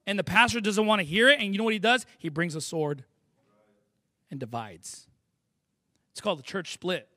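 A man's voice: high-pitched, expressive, moderate pace, long pauses, pushed and bright. A male pastor preaching a sermon, emphatic and fond of rhetorical questions.

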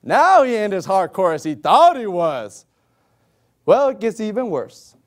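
Animated, high-pitched preaching man. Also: measured pace. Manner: exclamatory, acting out voices of others. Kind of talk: animated sermon with acted-out scenes.

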